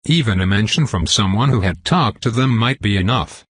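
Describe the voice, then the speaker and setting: A man reads a first-person novel aloud in a steady, even way. His voice is husky and sits low. The recording is dry and close. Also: moderate pace, no room sound. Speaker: audiobook narrator. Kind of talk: first-person audiobook narration.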